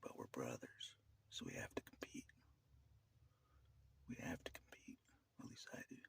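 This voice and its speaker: A man talking casually to the camera in a rambling way, laughing often between phrases, in a gravelly, husky half-whisper. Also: moderate pace, a bit bright. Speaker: vlogger.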